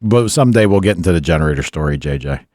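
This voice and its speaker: A low-voiced man hosts a podcast in casual, plainspoken talk. His voice is dry and close, with no room around it. He keeps an easy, unhurried manner. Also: animated, darkish tone, dry recording. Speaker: podcast host. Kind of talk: casual chat.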